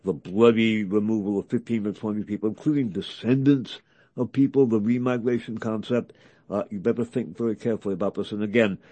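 A man hosting a talk program, reading article excerpts aloud in a halting way, with many fillers and restarts. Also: on the low side, dark tone, dry recording. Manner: halting, many fillers and restarts, reads quotes with acted emphasis. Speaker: radio host.

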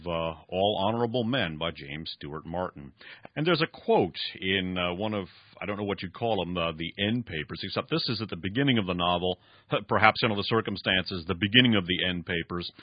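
A man's voice: low voice, dry recording. A man hosting a radio talk program, reading and commenting at length, with frequent fillers. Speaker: radio host. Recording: dull lo-fi radio recording.

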